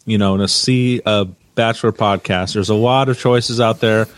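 A man's voice: fairly low pitch, steady tone, normal speed, no room sound. Rambling man in his fifties. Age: 50s. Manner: rambling, searches for words with many fillers. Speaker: podcast co-host. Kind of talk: casual chat.

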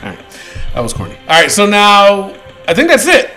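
A man hosting a wrestling podcast, talking loud and ranting with lots of swearing. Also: high voice, huge pitch swings, moderate pace, faint music behind, low-quality recording. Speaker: podcast host. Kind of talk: casual wrestling podcast chat.

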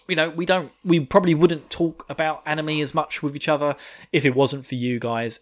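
A man hosting a podcast, casually recapping an anime episode, rambling, laughing often and swearing freely. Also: mid-range voice. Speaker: podcast host.

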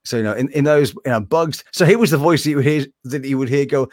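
In a room hung with animation art, a male voice actor talks casually during an interview, animated and slipping between impressions. His medium-pitched voice moves fast with hardly any pauses. The recording is studio quality with no echo.

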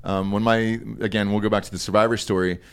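Podcast host, man, lowish voice, relaxed, questioning. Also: fast talker, smooth. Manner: laid-back, asks questions and chimes in. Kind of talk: casual podcast chat.

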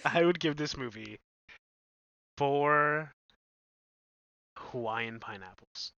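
Young male co-host, bright and higher-pitched, giggly and enthusiastic, dry lo-fi sound. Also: lively intonation, very slow, no echo. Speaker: podcast co-host. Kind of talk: casual movie podcast banter.

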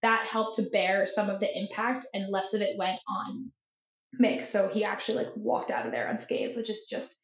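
A young woman co-hosting a casual podcast chat, talking excitedly with lots of "like" fillers. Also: mid-range voice, normal speed. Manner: chatty, many "like" fillers, excitable. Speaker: podcast co-host. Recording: echoey room, dull lo-fi sound.

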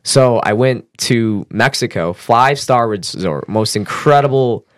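A man telling a personal story as a podcast guest, casual and animated, swearing and using fillers. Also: measured pace, no room sound, studio quality. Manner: animated, acts out quotes with raised pitch.

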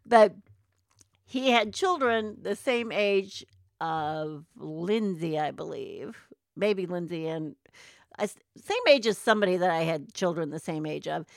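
A middle-aged woman in a casual chat, backing up the other speaker with quick agreement and laughs. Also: on the low side, expressive, vocal fry, no echo, clean studio sound. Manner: supportive, chimes in with agreement and laughs. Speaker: podcast co-host, mother of the other host.

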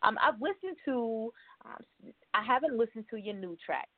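A woman's voice: a little high, expressive, normal speed, dry recording. Woman host on a tinny phone line. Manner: chatty, warm introductions with fillers. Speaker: radio show host. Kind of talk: interview.

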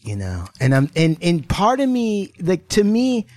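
A man's voice: sits high, huge pitch swings, measured pace, dark tone, no room sound. A man hosting a casual podcast chat, rambling and laughing as he talks. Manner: rambling, laughing, hums song bits. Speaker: podcast host.

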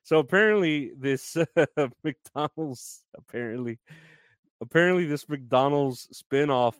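A man's voice: fairly high pitch, a little slow, clear, resonant tone, dry recording. A man hosting a casual solo podcast, rambling loosely with many fillers and frequent laughs. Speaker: podcast host.

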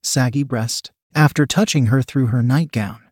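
A man reads a story aloud in a steady, even manner. His voice sits in the middle of the male range, and the dry, close recording has almost no room sound. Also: mid-range voice, moderate pace, husky, dry recording. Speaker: narrator. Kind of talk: scripted story narration.

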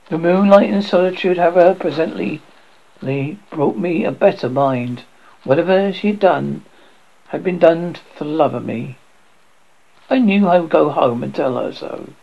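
A muffled recording features a man with a gravelly, husky voice on the high side. He reads a classic horror story theatrically, sometimes tripping over words and starting again.

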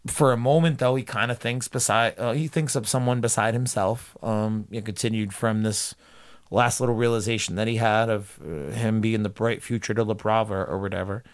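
A man's voice: fairly low pitch, fairly even intonation, normal speed. A man co-hosting a podcast, recapping an anime episode in casual, profane chat with jokey asides. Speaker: podcast co-host.

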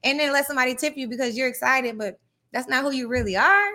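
Bright-voiced woman hosting a live podcast. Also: sits high, fast. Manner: animated, conversational, reads passages aloud. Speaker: podcast host.

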